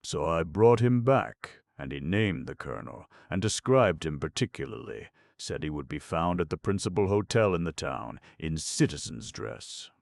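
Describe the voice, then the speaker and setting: A man reading an audiobook in a measured, deadpan way. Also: deep voice, vocal fry, no echo, clean studio sound. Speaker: audiobook narrator. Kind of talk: scripted narration.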